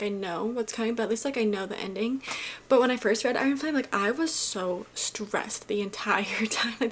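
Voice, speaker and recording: A book vlogger with a mid-range voice gushes casually about her reading, rambling and filling her talk with fillers. There's slight background noise.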